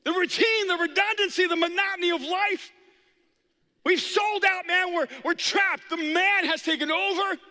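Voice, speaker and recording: A man voicing a rebellious male gazelle who rants against routine in a high, loud, preachy voice. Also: steady tone, normal speed, full character voice. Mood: ranting. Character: rebellious male gazelle ranting about conformity. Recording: echoey hall reverb.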